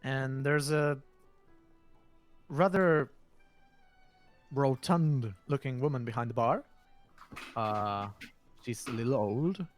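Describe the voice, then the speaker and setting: A man's voice: medium pitch, takes it slowly, long pauses, soft background music. A man acting as game master, narrating a tabletop game in a loose, rambling way.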